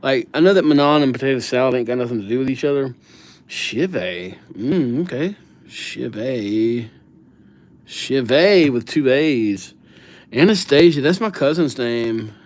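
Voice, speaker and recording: A man's voice: mid-range voice, darkish tone. A man hosting a casual livestream, chatting loosely with viewers and riffing on their names with silly nicknames. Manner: laid-back, slangy banter with viewers.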